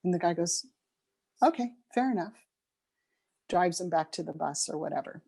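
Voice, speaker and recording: A middle-aged woman talks as an interview guest, her voice mellow and a little low. She tells a personal story in a reflective, unhurried way, pausing on ums and restarting sentences as she finds her words. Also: little pitch movement, creaky, breathy edge. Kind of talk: conversational storytelling.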